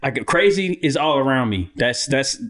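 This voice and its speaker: A male podcast co-host chatting casually at a mid pitch. He rambles and swears freely, restarting his sentences and breaking into impressions of his family. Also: lively intonation, normal speed, fairly bright tone. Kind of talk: casual chat.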